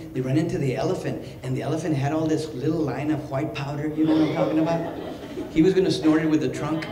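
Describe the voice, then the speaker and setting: Male comedian-clown, lively joke delivery; roomy hall with background noise. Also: a little high. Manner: animated, laughs at own jokes. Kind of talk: stand-up joke telling. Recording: echoey hall with ambient noise.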